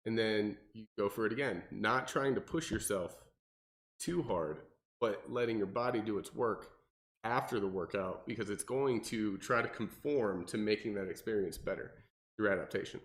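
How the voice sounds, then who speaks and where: A young man, a personal trainer, explaining workouts in casual podcast chat and acting out clients in mocking voices. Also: normal speed. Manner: animated, acts out clients with high mocking voices.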